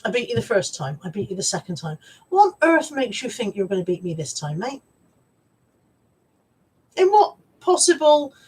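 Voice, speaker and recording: A woman's voice: mid-range voice, breathy edge. A woman hosting a live stream, chatting casually and teasing her viewers with lots of laughs. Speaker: livestream host. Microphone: camera mic on a live stream. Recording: slightly distant from the mic.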